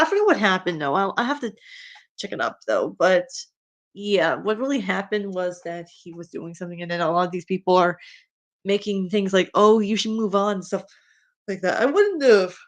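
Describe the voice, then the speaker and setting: A woman with a Spanish accent, a streamer talking in a casual, rambling way. She speaks her mind bluntly and fills her talk with ums and restarts. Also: medium pitch. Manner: rambling, with many fillers and restarts; outspoken and exasperated. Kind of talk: casual rambling commentary while reading fan fiction.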